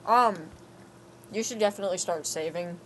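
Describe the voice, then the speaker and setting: A woman's voice: medium pitch, normal speed, fairly bright tone, slight background noise. A woman co-hosting a game stream, chatting casually, laughing often and swearing freely. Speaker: co-host. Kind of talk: casual gameplay stream chat.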